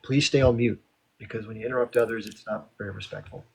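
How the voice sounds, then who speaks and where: A man's voice: lowish voice, steady tone, quick pace, creaky, heavy background noise. A man hosting a live online panel, firmly keeping order and repeating his rules. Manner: firm, keeps order, repeats himself. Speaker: host moderating a live panel. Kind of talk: casual live-stream moderation.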